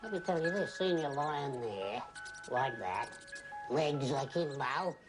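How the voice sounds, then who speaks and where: Australian man, drunk and fond, slow, swooping pitch, music under. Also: animated. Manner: drunken, slurring, overly affectionate. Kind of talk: comic monologue.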